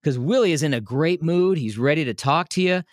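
A man telling a story in a casual, animated way, laughing often and restarting his sentences. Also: fairly high pitch, fairly quick, no room sound, studio quality. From Milwaukee area, United States. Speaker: radio host telling a story as a podcast guest.

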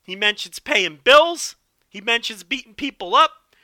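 A man hosting a solo podcast with animated, profane, joking commentary. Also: extremely high pitch, a little slow, no echo, studio quality. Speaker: podcast host.

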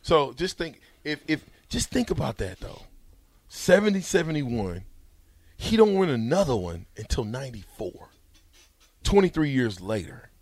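A man's voice: mid-range voice, big pitch swings, measured pace, darkish tone, dry recording. A man hosting a sports radio show, teasing his co-hosts with slangy, laughing banter.

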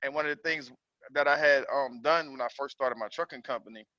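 A man calling into a group coaching session, telling his story in an earnest, halting way with frequent pauses and restarts. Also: medium pitch, pushed and bright, dry recording. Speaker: caller on the call. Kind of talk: casual share on a call. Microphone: video call. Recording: dull lo-fi call audio.

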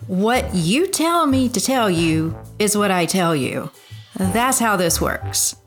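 Woman playing a cheeky inner voice with a Southern drawl, slow and mocking. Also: mid-range voice, animated, soft background music. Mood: sarcastic. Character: sarcastic female inner voice, teasing. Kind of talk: comedy sketch in a podcast.

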